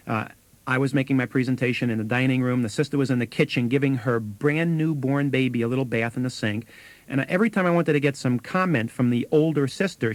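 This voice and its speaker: A man's voice: medium pitch, dry recording. A man co-hosting a sales training tape, telling anecdotes with acted quotes and chuckles.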